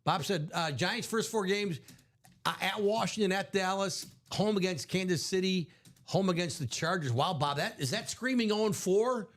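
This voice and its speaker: A man's voice: high voice, normal speed, a bit bright. A man hosting a live sports card break stream, chatting casually in a rambling, self-correcting way. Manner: rambling, self-correcting, chuckles at own stories.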